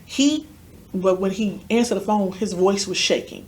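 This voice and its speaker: Speaking at a normal speed in a mid-range voice with a darkish tone, a woman guesting on a podcast recounts a personal experience. She performs the dialogue from the story in an earnest, emotionally charged way.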